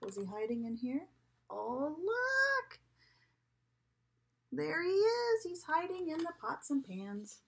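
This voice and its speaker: A preschool teacher reading a picture book aloud to young children, asking them coaxing questions and dropping now and then to a whisper. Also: female voice, sits high, gravelly, slight background noise. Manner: animated, slow, coaxing questions to children, drops to a whisper at times.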